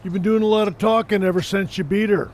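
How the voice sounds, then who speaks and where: A man's voice: sits high, fairly even intonation, quick pace, darkish tone, slight background noise, lightly acted. A man voicing a businesslike male wrestling coach in a video game, speaking in a firm, matter-of-fact way.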